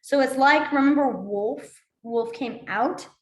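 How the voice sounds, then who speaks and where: A woman with a slightly high voice leads a beginner sign language class in a playful, chatty way. She acts out each emotion with her voice as she explains it. Her voice rings around an echoey room. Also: slow pace. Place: library meeting room.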